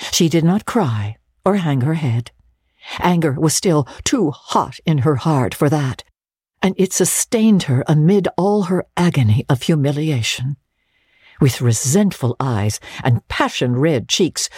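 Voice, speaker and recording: A woman giving a dramatic reading of a classic novel in an expressive storytelling manner. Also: rumbling low, husky, no echo, clean studio sound. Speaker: narrator.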